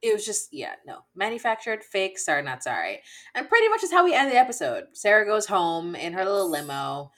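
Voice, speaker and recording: A woman's voice: mid-range voice, very animated, brisk, fairly bright tone. A woman co-hosting a podcast, chatting casually and expressively, acting out what people said and swearing now and then. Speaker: podcast co-host. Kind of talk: casual chat.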